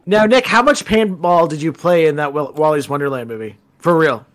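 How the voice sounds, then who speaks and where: A man's voice: a little high, fairly quick, a bit bright. A man joining a casual movie commentary, tossing in blunt, crude quips. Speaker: commentary participant.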